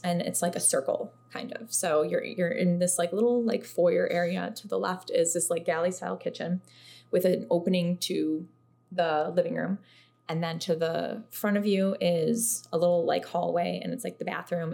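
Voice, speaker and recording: A woman with a lowish, gravelly voice tells a story in a relaxed podcast conversation. She is animated, peppers her talk with "like", and acts out the voices of the people she quotes. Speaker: podcast guest. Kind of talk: casual podcast chat, storytelling.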